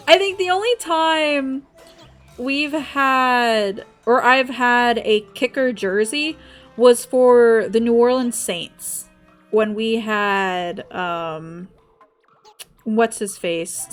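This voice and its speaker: A young woman from the States, chatting casually as a game streamer, laughing often and swearing freely. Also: on the high side. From Southern United States. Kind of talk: casual chat while gaming.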